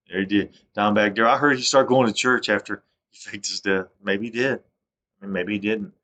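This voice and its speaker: A man's voice: lowish voice, steady tone, moderate pace, bright, forceful tone. A man in a rambling, self-recorded monologue, stammering and restarting as he airs grievances. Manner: aggrieved, accusatory. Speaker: vlogger.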